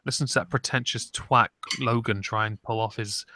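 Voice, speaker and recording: A man's voice: medium pitch, steady tone, normal speed, sharp tone, no echo. A man with a southern English accent chatting casually on a stream, making blunt, sardonic jokes. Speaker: stream guest. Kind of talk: casual chat.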